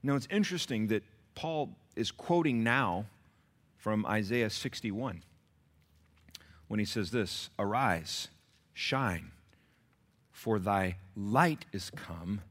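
A male pastor preaching a sermon, telling stories with lively swings from shouts to hushed whispers. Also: on the low side, slow pace.

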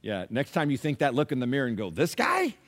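A man preaching a sermon, conversational and dynamic, swinging between loud emphatic lines and hushed asides while acting out listeners' replies. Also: medium pitch, very fast. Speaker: pastor.

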